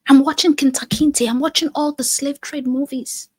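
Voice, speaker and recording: Her voice is high and steady, moving at normal speed on a dry recording. She's a Nigerian life coach running a live stream, earnestly working through viewer comments and repeating phrases to stress her points.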